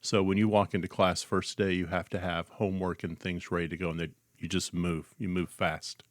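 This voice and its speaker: A man co-hosting a podcast, talking casually about his teaching and reading out a mock-formal comic announcement in a deliberate way. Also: deep voice, flat delivery, no room sound, studio quality.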